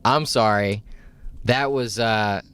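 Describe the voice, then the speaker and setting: A man hosting a casual podcast, throwing in relaxed jokes and easy laughs between his guest's story. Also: lowish voice, takes it slowly, clean tone, no echo. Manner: laid-back, joking interjections, easy laughter. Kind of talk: casual chat.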